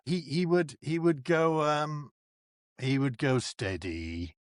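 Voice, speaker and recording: A man from North East England, a comedian and actor chatting as a guest and acting out the people in his stories with big leaps in pitch. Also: takes it slowly, clear, resonant tone, no room sound, studio quality. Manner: animated storyteller who acts out quoted people with big pitch jumps. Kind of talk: casual chat.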